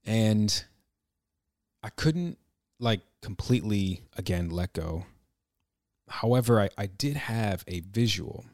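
A man telling a personal story in a reflective, halting way, with many restarts. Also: fairly low pitch, expressive, a little mellow, dry recording, studio quality.

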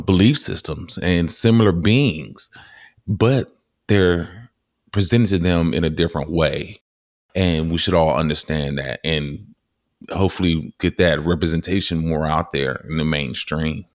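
Man, podcast host, very low voice, animated storyteller, dry close sound. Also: no echo. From Texas. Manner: animated storyteller, acts out quotes in high voices. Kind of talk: casual interview chat.

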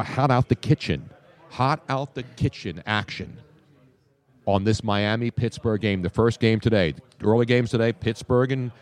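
An older man hosting a live sports radio show, talking in an animated way with trained broadcaster diction and a slight South Philly accent. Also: lowish voice. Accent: slight South Philly under trained broadcast diction. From South Philadelphia. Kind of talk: casual radio talk. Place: radio row booth at a live event.

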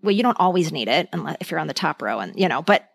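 A woman's voice: deep voice, sing-song, fast, gravelly, dry recording, studio quality. A woman co-hosting a podcast, chatting enthusiastically and reading out lists of trivia. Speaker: podcast co-host. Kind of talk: casual chat.

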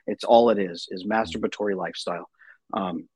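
A man in his thirties, a parenting coach, talking in an animated, conversational way as an interview guest. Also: lowish voice, brisk, slightly rough, dry recording, poor audio. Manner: animated, acts out voices in anecdotes.

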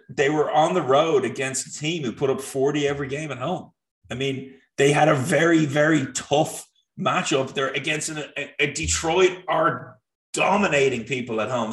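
A man co-hosting a sports betting show, talking picks and stats with frequent restarts. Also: medium pitch. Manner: animated, restarts often, talks through stats. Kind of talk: casual sports betting chat. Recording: roomy echo.

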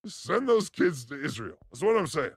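A man co-hosting a video reaction show in casual chat, given to loud excited outbursts and crude jokes. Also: fairly high pitch, normal speed, a little hiss or hum.

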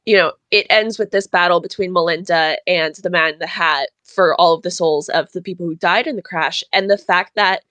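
A man hosting a podcast, rambling and animated in casual chat about a favorite TV show. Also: high-pitched, brisk, few pauses, no room sound. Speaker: podcast host.

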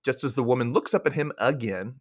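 A man co-hosting a podcast, retelling a sitcom scene beat by beat. He acts out the characters' lines as he goes, in a mid-pitched voice. The sound is dry and close. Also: fast, dry recording. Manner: animated retelling, acting out lines. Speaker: podcast co-host. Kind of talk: recapping a sitcom episode.

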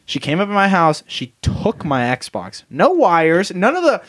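Young woman podcast co-host, animated chatty storyteller, very expressive pitch. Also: measured pace, no room sound. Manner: animated storyteller with many "like" fillers. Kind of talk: casual chat.

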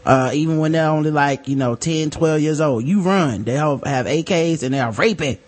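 A man's voice: fairly high pitch, normal speed. A man co-hosting a podcast in casual chat, brash and teasing with provocative jokes. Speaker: podcast co-host.

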